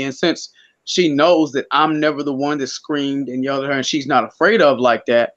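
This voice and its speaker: Un hombre invitado a un pódcast, conversando de manera informal y relatando historias con muchas pausas y frases que vuelve a empezar. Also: male voice, mid-range voice, fairly even intonation, a bit bright, lo-fi sound. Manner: rambling storyteller, many restarts. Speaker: podcast guest. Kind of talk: casual chat.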